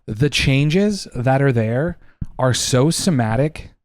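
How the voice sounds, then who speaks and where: A man co-hosting a podcast, delivering a heated, profane opinion rant, loud and emphatic. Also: mid-range voice, expressive, slow pace, no echo, clean studio sound. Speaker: podcast co-host.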